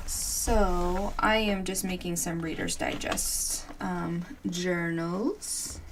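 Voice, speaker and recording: Slow, giggly woman in her forties. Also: fairly low pitch, steady tone, slight background noise. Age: 40s. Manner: chatty and giggly, answering viewers' comments. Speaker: crafting livestream host. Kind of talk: casual chat while crafting.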